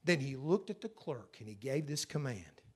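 A man's voice: medium pitch, very animated, moderate pace, husky. A male pastor preaching a sermon and leading prayer, earnest, with a repetitive preaching cadence.

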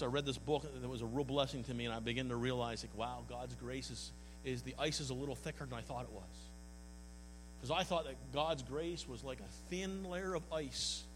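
A man's voice: mid-range voice, a bit bright. A man preaching a sermon as pastor, earnest and folksy, often stumbling and repeating words. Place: church hall. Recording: long hall reverb, mains hum.

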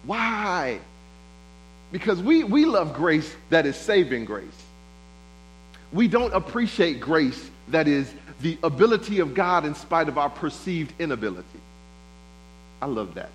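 A man's voice: fairly high pitch, very animated, moderate pace, rough recording. A man preaching a sermon, building rhythm through repeated phrases and speaking God's words in quotes. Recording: faint mains hum.

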